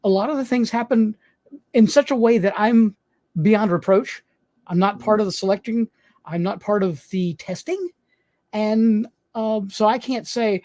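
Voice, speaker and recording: A man's voice: sits high, moderate pace, mellow, no room sound. A man who hosts a game show, telling stories as a podcast guest, acting out voices and laughing often. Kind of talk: casual podcast interview.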